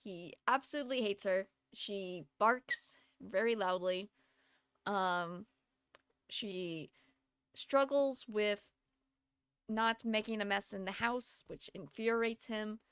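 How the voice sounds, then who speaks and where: A woman's voice: mid-range voice, takes it slowly, a bit bright, smooth, dry recording, clean studio sound. A young woman streaming a game from home, chatting in a rambling way and laughing often. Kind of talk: casual chat while gaming.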